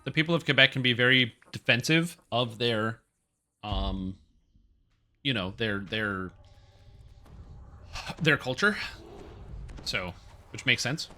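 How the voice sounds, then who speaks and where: A chatty Canadian man streams a game from home, talking into a desk mic. His voice is strikingly bright and sharp. He rambles along with plenty of fillers and restarts, at a middling pitch. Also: expressive, takes it slowly, pauses often. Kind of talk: casual gaming stream chat.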